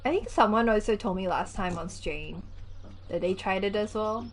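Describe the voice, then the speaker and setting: A woman's voice: medium pitch, moderate pace, slight background noise. A young woman, chatting casually and giggling as she livestreams a game. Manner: chatty, giggly, animated storytelling. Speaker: gaming livestreamer. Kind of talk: casual chat while gaming.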